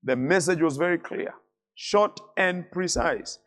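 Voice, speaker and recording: A middle-aged man delivers a sermon as a bishop, his voice pitched somewhat high for a man. He drives his points home through repeated phrases and lets his lines sink down low at the close. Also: expressive, normal speed, fairly bright tone. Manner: emphatic preaching with repeated phrases and falling endings. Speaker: bishop preaching.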